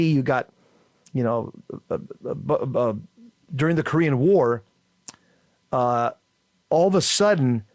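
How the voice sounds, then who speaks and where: A man's voice: medium pitch, no echo. Guy on catholic radio telling a story, lots of uh's and restarts, dry studio sound. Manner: halting storyteller with many fillers and restarts. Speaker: radio show co-host.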